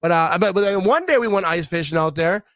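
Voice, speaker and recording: Brief: middle-aged Midwestern-born man, lively swinging delivery, dry close recording. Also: high voice, quick pace, no echo. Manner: rambling, animated, acts out quoted voices. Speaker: vlogger. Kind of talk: casual rambling monologue.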